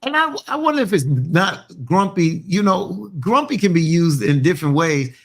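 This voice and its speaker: An easygoing man muses aloud in a casual podcast chat. His voice is somewhat high for a man and carries a gravelly rasp. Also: sing-song, moderate pace, a bit bright. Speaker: podcast co-host.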